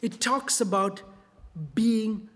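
A preacher giving a sermon in a church, repeating key phrases and often checking in with the congregation with a quick "right?" or "okay?". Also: medium pitch, steady tone, a bit bright. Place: church sanctuary. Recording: long reverb of a large hall.

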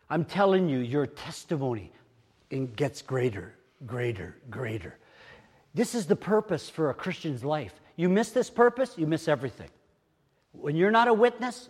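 With a high-pitched voice, an older man delivers a sermon as a pastor in a church hall. His storytelling is lively and climbs into excited exclamations, all wrapped in long hall reverb.

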